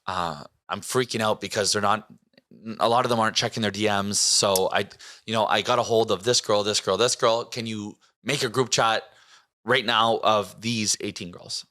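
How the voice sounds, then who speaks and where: Man, podcast guest, bright voice, excitable, swears a lot, casual storytelling. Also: lowish voice, moderate pace. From Canada. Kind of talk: casual chat.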